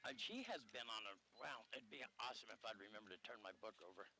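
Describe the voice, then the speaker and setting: A man calling a local softball game on the radio, joking and rambling between pitches at an outdoor field. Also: quick pace, slight background noise, low-quality recording. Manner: jokey, rambling banter. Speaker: radio sports commentator.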